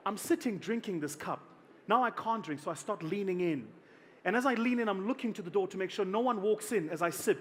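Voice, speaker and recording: Lively South African man telling a story. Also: sits high, slight background noise. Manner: animated, humorous storytelling with acted-out voices. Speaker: keynote speaker. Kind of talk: storytelling keynote speech.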